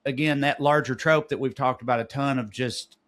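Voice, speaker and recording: A man's voice: medium pitch, steady tone, brisk, a bit bright. A man with a Southern US accent co-hosting a podcast, easygoing and rambling in casual chat. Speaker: podcast co-host.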